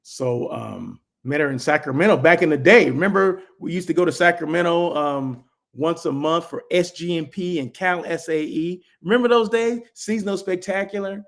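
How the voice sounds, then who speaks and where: Gravelly, rambling male show host. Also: a little high, moderate pace, hardly any pauses. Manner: rambling, chatty, restarts and asides. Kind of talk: casual livestream chat.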